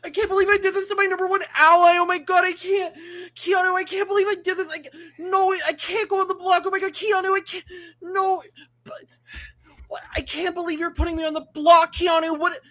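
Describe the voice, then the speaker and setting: A man's voice: extremely high pitch, level tone, a little fast, bright, forceful tone, voice pushed up. A man doing a mocking impression of a whiny, self-pitying man who wails and grovels. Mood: whining. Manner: mocking, exaggerated wailing.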